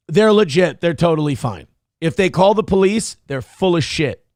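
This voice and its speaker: A male morning show host riffs on the news in a crude, mocking way, swearing freely. His voice sits high for a man. The sound is dry and close, with no room around it. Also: very animated, fairly quick, no room sound. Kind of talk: profane comedic news commentary.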